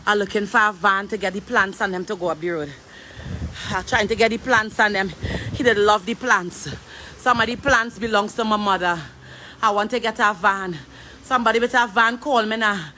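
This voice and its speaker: A grieving sister with a Trinidadian accent, from Trinidad and Tobago, pleads and cries over and over in a distraught street appeal, breaking between laughter and tears. Her mid-range voice is bright and forceful at a moderate pace, with a little hiss or hum in the recording.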